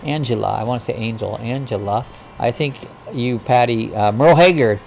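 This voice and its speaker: A man's voice: medium pitch, moderate pace, vocal fry, a little mellow, a little hiss or hum. A man hosting a casual livestream chat, reading viewer comments aloud and greeting people in a folksy, rambling way. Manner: rambling, frequent uh fillers. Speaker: livestream host.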